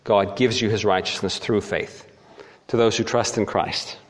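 A man's voice: fairly low pitch, fairly even intonation, measured pace. A man preaching a sermon, earnest, with rhetorical questions and rising emphasis on key phrases. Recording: long hall reverb.

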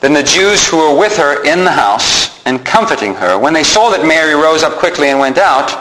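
A man's voice: a little high, lively intonation, moderate pace, bright, forceful tone, soft background music. A man preaching a sermon, reading scripture aloud and acting out the mourners' words. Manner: reads scripture aloud and acts out the mourners' lines. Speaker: pastor. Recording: echoey room with faint noise.

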